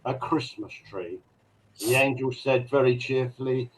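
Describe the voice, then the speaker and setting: A man's voice: unhurried, slight background noise, rough recording. A man co-hosting a live drone chat show, reading out a Christmas joke as a story. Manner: storytelling, with a cheery high voice for the angel's lines. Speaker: co-host reading the weekly joke.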